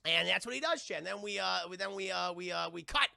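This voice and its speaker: A man's voice: high voice, lively intonation, quick pace, creaky, bright, forceful tone, no room sound, clean studio sound. A man rambling through a film review on a live stream, swearing often and talking straight to his chat. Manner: rambling, profane, keeps addressing the chat. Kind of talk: casual live-stream commentary.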